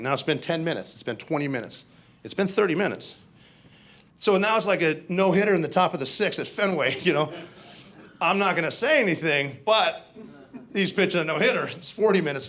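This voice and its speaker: A man telling a war story to an audience in a conversational, animated way with asides. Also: on the high side, fairly quick. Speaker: keynote speaker. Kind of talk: storytelling speech.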